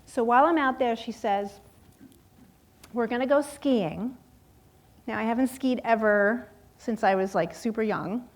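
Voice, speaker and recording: A woman in her fifties telling a lively personal story in a sermon, acting out voices and laughing often. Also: fairly high pitch, unhurried, long pauses. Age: 50s. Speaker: guest speaker at a church service.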